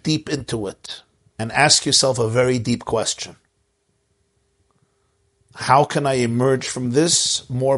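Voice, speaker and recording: A middle-aged man giving gentle, earnest spiritual advice on a live stream, often repeating words for emphasis. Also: medium pitch. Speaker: spiritual advice giver answering a chat question.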